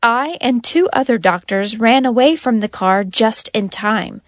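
An earnest, insistent female doctor speaks in a storybook reading, as a woman narrator plays her. Her voice is fairly high and slow. The sound is dry and close. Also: lively intonation, dry recording, highs cut off.

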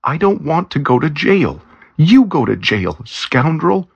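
A man voicing an angry young woman jailed by her partner, with shrill, scolding outbursts. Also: big pitch swings, moderate pace, creaky, breathy edge, dry recording, dull audio, heavily acted. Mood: furious.

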